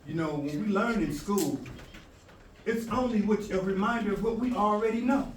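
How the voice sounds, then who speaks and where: A man's voice: sits high, normal speed. A man, a language arts teacher, giving an emphatic motivational talk to students, acting out quoted exchanges and playing with rhymes. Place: school presentation room. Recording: echoey room from far off, with noise.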